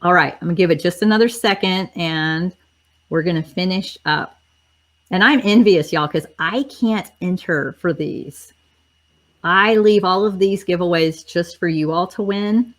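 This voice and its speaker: Chatty woman, lowish voice. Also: unhurried. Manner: chatty, upbeat, talks to viewers directly. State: voice cracking and tiring. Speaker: host. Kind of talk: casual livestream chat.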